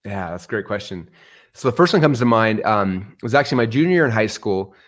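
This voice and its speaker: A middle-aged man telling stories in an interview, energetic and animated, acting out the voices he quotes. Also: lowish voice, brisk. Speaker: guest. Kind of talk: storytelling interview answer.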